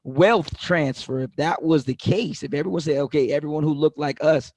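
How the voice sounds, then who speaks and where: A man's voice: fairly high pitch, moderate pace, a little mellow, no echo. Male talk-show host, dry and close. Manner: rambling, restarts, emphatic. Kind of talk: conversational interview.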